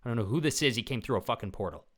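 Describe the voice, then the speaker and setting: A man putting on a frantic, yelling man who is defending his home from an intruder. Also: medium pitch, lively intonation, rapid-fire, natural voice. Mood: panicked.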